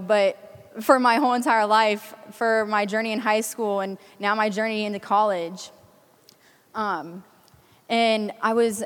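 Eighteen-year-old woman, earnest chatty testimony at a youth event, smooth clear voice, hall reverb. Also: medium pitch. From Kansas City area, US Midwest. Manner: earnest, frequent ums, chatty storytelling. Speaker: youth conference speaker giving testimony. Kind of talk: personal faith testimony to a crowd.

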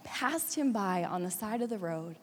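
A woman preaching a sermon, retelling a story with dramatic swings between hushed and urgent delivery. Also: mid-range voice, animated, moderate pace. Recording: long hall reverb.

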